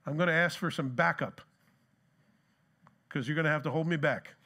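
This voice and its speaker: Man, middle-aged pastor, relaxed preaching, stories and questions, raised pitch. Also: moderate pace. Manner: conversational preaching with rhetorical questions and anecdotes. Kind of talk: sermon.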